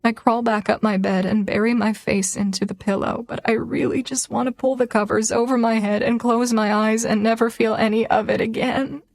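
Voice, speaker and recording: A woman's voice: on the high side, level tone, normal speed, vocal fry, hardly any pauses, dry recording. Emotional woman narrating a romance audiobook. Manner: emotional, tearful first-person delivery.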